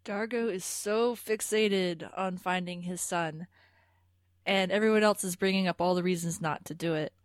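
A woman co-hosting a podcast with a lowish voice, talking things through in a thoughtful, hedging way. The recording is close and dry with no room sound. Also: steady tone, normal speed, no room sound. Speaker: podcast co-host. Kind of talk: casual discussion.

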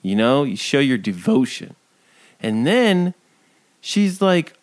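Male co-host, casual chat; crude, mocking tirade broken by laughs, slow-paced. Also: medium pitch, big pitch swings. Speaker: podcast co-host.

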